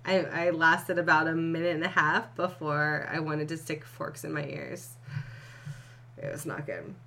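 A woman's voice: deep voice, unhurried, gravelly, pushed and bright. A young woman co-hosting a podcast, reading fan fiction aloud and breaking off to laugh and swear. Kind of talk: casual reading and chat.

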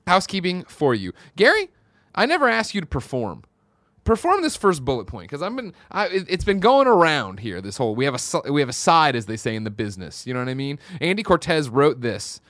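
A man hosting a casual daily video game news show, reading headlines aloud with an animated, jokey delivery. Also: on the high side, a little fast, no echo, clean studio sound.

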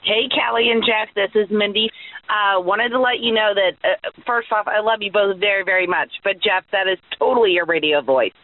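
A woman's voice: mid-range voice, moderate pace. A woman leaving a teasing, affectionate voicemail message. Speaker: caller. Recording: tinny phone line.

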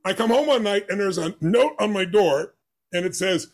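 A man's voice: high-pitched, animated, moderate pace. A man who is an interview guest, telling a personal story with animation and acting out the dialogue with emphatic voices.

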